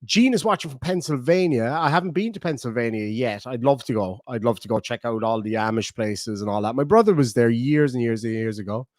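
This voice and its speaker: In a mid-range voice, a middle-aged Irish livestream host rambles, jokes and chats while reading out comments from viewers. The recording is studio quality with no room sound.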